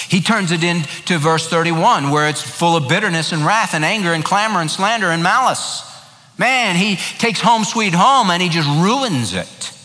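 A man's voice: a little high, sharp tone, long reverb tail. A male pastor preaching a sermon, emphatic and repeating key phrases for weight.

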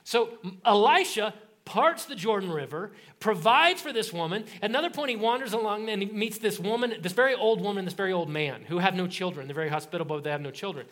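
A man's voice: sits high, quick pace. A male pastor preaching a sermon, telling a scripture story in a casual, joking way and acting out the voices in it. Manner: animated storytelling, acts out voices in quotes.

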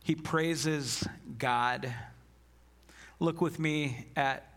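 A male pastor preaching an earnest, emphatic sermon with an unhurried, deliberate pace. His voice sits a little higher than most men's, and he reads scripture aloud. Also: fairly bright tone.

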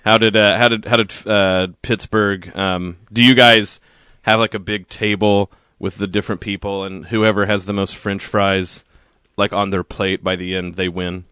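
A man co-hosts a radio talk show, chatting in a joking, casual way with plenty of restarts. His voice is bright and crisp and sits a little low. The studio microphone sounds dry and close. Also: little pitch movement, no room sound. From Oklahoma. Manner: jokey, quick laughs, frequent restarts.

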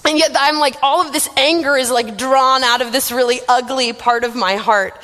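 A woman's voice: sits high, moderate pace, pushed and bright. A young woman giving a casual, conversational sermon as a youth minister, chatty and self-deprecating, with lots of "like". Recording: long reverb of a large room.

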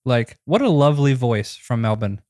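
A young man co-hosting a podcast, talking in a relaxed, rambling way with a lot of restarts. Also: mid-range voice, normal speed, dry recording, studio quality. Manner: laid-back, rambling, frequent restarts. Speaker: podcast co-host. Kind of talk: casual chat. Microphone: close podcast mic, dry.

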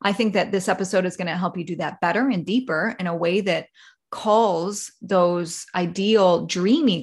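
A woman's voice: lowish voice, gravelly, slightly rough. A woman hosting a solo podcast, talking casually and rambling, with many fillers and acted-out examples. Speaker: podcast host.

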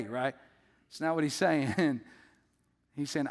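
A man preaching a sermon as the pastor, in a conversational, animated storytelling way. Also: fairly high pitch, slow pace, pauses often, in a large hall.

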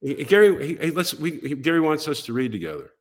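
Older man, podcast guest, lively storyteller, very varied pitch, plays out quoted voices. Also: fast, husky. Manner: animated, acts out quoted voices. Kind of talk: casual storytelling.

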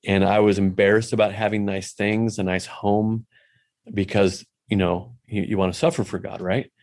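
A man's voice: fairly low pitch, little pitch movement, moderate pace, darkish tone. Guy telling a story about himself, laid back, lots of you know's, pokes fun at himself. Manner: candid, self-deprecating, full of "you know" asides. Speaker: speaker telling a personal faith story. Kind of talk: casual storytelling talk.

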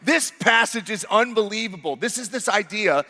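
A man, a pastor, preaching a sermon that swings from loud exclamations to hushed, intimate passages. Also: high voice, lively intonation, moderate pace, long reverb tail.

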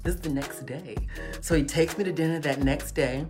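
A woman telling a candid story to her viewers in a casual, animated way, calling them honey and baby and repeating phrases for emphasis. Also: deep voice, normal speed, music in the background.

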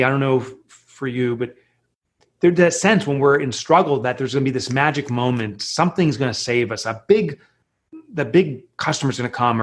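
A man in his forties, a guest author speaking candidly and earnestly in a podcast interview, with frequent restarts. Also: mid-range voice. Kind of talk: personal storytelling in a podcast interview.

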